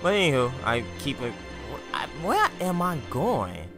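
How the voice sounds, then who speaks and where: Male let's play commentator, lively swinging pitch, jokey trash talk, loud game music behind. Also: a little slow. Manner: animated, trash-talks enemies, jokey asides. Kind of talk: casual gameplay commentary.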